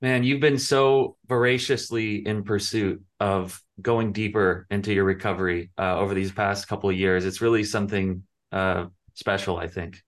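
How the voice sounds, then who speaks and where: A man's voice: fairly low pitch, fairly even intonation, moderate pace, hardly any pauses. A man co-hosting a recovery podcast, who talks in a reflective, supportive way. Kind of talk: casual chat.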